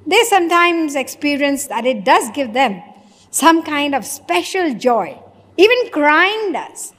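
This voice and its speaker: A woman's voice: high-pitched, a bit bright. A woman giving a sermon, asking rhetorical questions and acting out imagined conversations. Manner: rhetorical, plays out imagined dialogues. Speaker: spiritual lecturer. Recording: long hall reverb.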